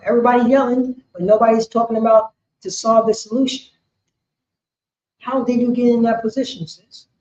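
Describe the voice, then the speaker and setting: A woman preaching a street sermon on scripture, talking in an animated, repetitive way and often asking "you know what I'm saying". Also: on the high side. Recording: echoey, dull lo-fi sound.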